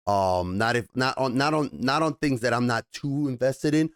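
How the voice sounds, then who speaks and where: Animated, foul-mouthed man reviewing a show. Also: medium pitch, normal speed, no echo, clean studio sound. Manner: animated, swears often. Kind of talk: casual spoken review.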